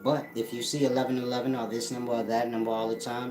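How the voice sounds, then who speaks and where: A man's voice: medium pitch, level tone, fast. A man, hosting a casual livestream, answering chat in a blunt, mocking, profane way. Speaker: livestream host reading chat. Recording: roomy with loud music behind.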